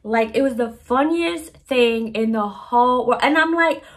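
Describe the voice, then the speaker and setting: A woman with a somewhat high voice spins a casual story to her viewers. Her talk is slangy and laid-back, and she pokes fun at herself as she goes. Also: unhurried. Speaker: vlogger.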